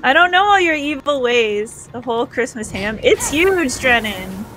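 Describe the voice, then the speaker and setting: A woman's voice: high-pitched, very animated, measured pace, fairly bright tone, soft background music. Giggly Canadian woman streaming a game. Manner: giggly and chatty. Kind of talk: live gameplay chat, reading viewer comments.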